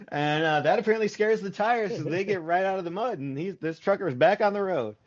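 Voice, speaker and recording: A man's voice: high voice, fairly quick. A man co-hosting a casual comic book review podcast, laughing often as he retells the story. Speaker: podcast co-host. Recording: dull, lo-fi, dry sound.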